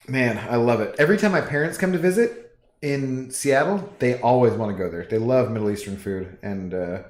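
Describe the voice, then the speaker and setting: A man hosting a livestream, chatting casually with viewers and rambling through relaxed asides while reading chat. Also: mid-range voice, roomy sound.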